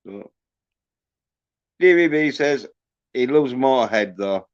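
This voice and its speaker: A man's voice: mid-range voice, animated, slow pace, smooth, no echo. A man hosting a livestream, ranting with constant swearing. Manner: profane, ranting, heavy swearing. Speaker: livestream host. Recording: dull lo-fi stream audio.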